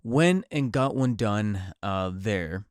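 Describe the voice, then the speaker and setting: Talking slowly and with animation, a podcast host with a lowish, smooth voice rambles through casual solo chat, full of fillers and restarts. He's a little nasal and stuffed up from a cold. The audio is clean studio sound with no room noise.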